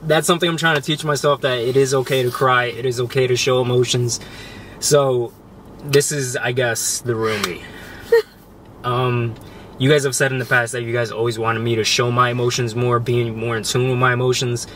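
A young man reading a heartfelt love letter aloud on a couple's vlog, soft and emotional, close to choking up. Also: medium pitch, fairly even intonation, normal speed. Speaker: couple vlogger. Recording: faint background noise.

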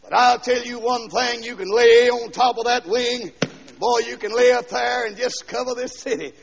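A man preaching a fiery revival sermon, dropping to quiet asides and then shouting and singing out lines, heard on a dull 1970s LP recording from a church. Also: very high voice, steady tone, normal speed, creaky, husky. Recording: dull 1970s LP recording with long hall echo.

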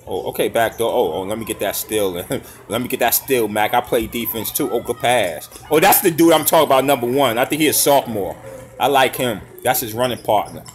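A man gives brisk, casual, slangy live reaction commentary over basketball highlights, hollering and laughing at the big plays.

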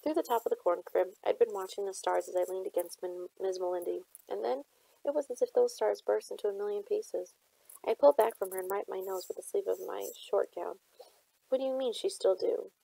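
A woman reading a novel aloud, telling the story in a measured first-person way. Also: mid-range voice, vocal fry, dark tone, breathy edge, dry recording, poor audio. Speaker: audiobook reader.

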